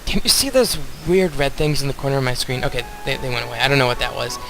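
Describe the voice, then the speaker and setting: A man's voice: medium pitch, animated, quick pace, gravelly, bright, forceful tone, slight background noise, rough recording. A young man casually commenting on a video game as he plays, rambling and talking straight to his viewers. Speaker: let's play host.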